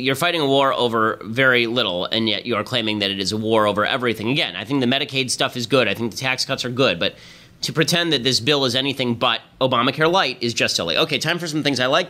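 Guy hosting a politics podcast, talks super fast and punchy, bright sharp voice. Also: medium pitch. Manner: fast, emphatic, sarcastic. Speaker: podcast host.

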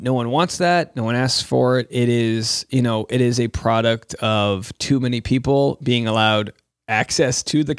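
A man's voice: mid-range voice, dry recording, studio quality. A man hosting a talk show, reading celebrity news aloud and breaking off with wry, jokey asides. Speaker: show host. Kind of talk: casual commentary reading news articles.

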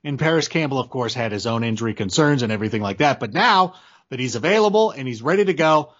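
A man's voice: mid-range voice, animated, quick pace, a bit bright, highs cut off. A man talking as a podcast guest, chatty and enthusiastic, often restarting his sentences. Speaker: podcast guest, fantasy football analyst. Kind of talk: casual podcast chat.

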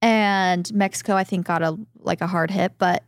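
Woman, from Southern California, podcast co-host, casual chat, animated storyteller, dry close recording. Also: fairly low pitch, moderate pace, no room sound. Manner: animated storytelling, quoting others in lively voices.

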